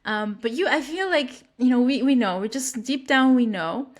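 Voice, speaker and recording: A woman's voice: expressive, normal speed. A woman hosting a podcast, talking casually with many restarts and acting out example lines. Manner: rambling, many restarts and fillers; acts out quoted lines with lifted pitch. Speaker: podcast host. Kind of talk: casual chat.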